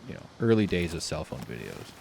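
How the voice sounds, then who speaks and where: A man telling a rambling story while playing a game, swearing freely and doing loud impressions. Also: rumbling low, big pitch swings, fairly quick, creaky, very noisy. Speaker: streamer. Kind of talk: casual gameplay commentary. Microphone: desk mic with face cam.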